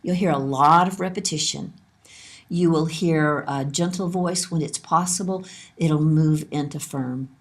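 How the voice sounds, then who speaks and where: A woman lecturing on child development, calm and explanatory, repeating her key points. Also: deep voice, measured pace. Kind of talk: instructional lesson narration.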